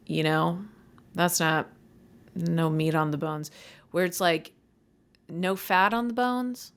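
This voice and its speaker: Here a young woman comedian rambles through her own podcast in a lowish, clear, resonant voice with fairly even intonation. She takes it slowly and pauses often, stumbling over words, poking fun at herself, and getting irritated easily, her voice cracking at times.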